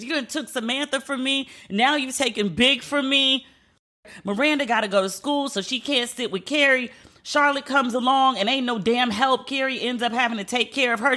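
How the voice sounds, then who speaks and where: A woman podcast host, her voice bright and forward. She chats casually and reacts animatedly, talking back with loud exclamations. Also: medium pitch. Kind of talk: casual chat with ad read.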